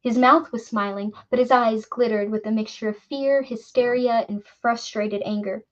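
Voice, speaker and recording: Brief: female audiobook narrator, fairly high voice, dull muffled recording. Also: fairly even intonation, moderate pace.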